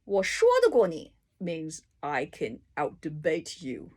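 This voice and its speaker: A woman tutor works her way through a dictionary, explaining each word with simple examples and the odd soft aside. Her voice is slightly low and a little husky. She talks slowly and without hurry. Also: animated. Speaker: language tutor. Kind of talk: casual dictionary read-through.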